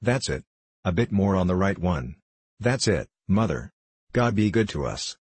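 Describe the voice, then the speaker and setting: A man voicing an ailing, pious old pilgrim who speaks slowly and wearily. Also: low-pitched, sing-song, a little mellow, slightly rough, heavily acted. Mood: weary.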